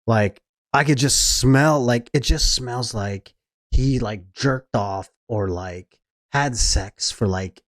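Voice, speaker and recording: A man's voice: mid-range voice, slow pace, dry recording, studio quality. A man co-hosting a podcast, chatting casually and laughing often, calling his friend "bro" and "dude.". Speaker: podcast co-host. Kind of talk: casual crude banter.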